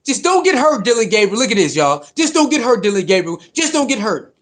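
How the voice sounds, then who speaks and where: A man with a high voice gives fired-up football reaction commentary. He talks straight to his viewers in slangy speech, taunting rival fans and hammering the same points again and again. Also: big pitch swings, brisk. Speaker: sports reaction vlogger.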